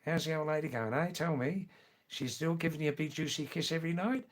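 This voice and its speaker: A man's voice: on the high side, a little fast, pitched above the performer's own voice, natural voice. A man putting on a cheeky working-class Australian bloke with a broad Australian accent, teasing with rising questions. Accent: broad Australian put on.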